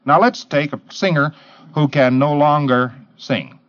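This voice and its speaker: A man's voice: fairly high pitch, unhurried, a bit bright. A man giving a lecture to trainees, emphatic, firing off rhetorical questions and mimicking the people he talks about. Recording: dull lo-fi old tape.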